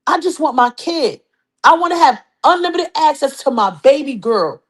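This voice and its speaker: A woman playing a brash adult man from Brooklyn, talking gruff street slang with heated, repetitive force. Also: high-pitched, lively intonation, moderate pace. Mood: resolute.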